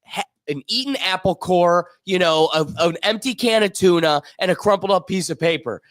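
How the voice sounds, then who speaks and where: A man co-hosts a sports podcast in casual conversation, speaking emphatically and acting out little scenarios. His voice is high-pitched and fairly bright at a moderate pace, captured in a dry, studio-quality recording.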